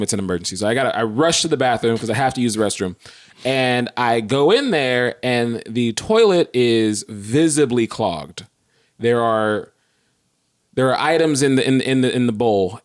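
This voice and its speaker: Podcast guy telling a story, voice jumping all over, fast animated bursts, acts out the quotes. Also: medium pitch. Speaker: podcast co-host. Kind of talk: casual storytelling chat.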